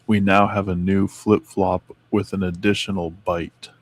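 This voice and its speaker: A man's voice: deep voice, flat delivery, unhurried, slightly rough. A man co-hosting a casual talk, reading notes aloud and stumbling over names. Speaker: co-host reading Mandela effect notes. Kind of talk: casual chat.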